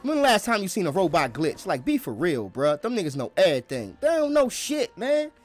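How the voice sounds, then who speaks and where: A man voicing a brash young man from the future who argues about space travel in loud, slangy, incredulous banter. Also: high-pitched, huge pitch swings, brisk, pitched above the performer's own voice, heavily acted. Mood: heated bickering.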